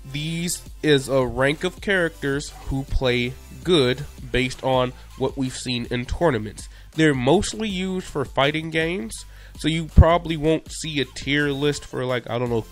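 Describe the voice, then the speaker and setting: A man's voice: mid-range voice, unhurried, soft background music. A young man narrating a casual video commentary in a playful, conversational way with jokey asides.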